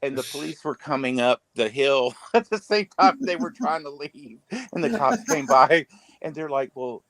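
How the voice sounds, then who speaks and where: A man telling stories on a casual livestream, animated, profane and stammering as he talks. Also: mid-range voice, normal speed, a crowd in the background. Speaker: streamer.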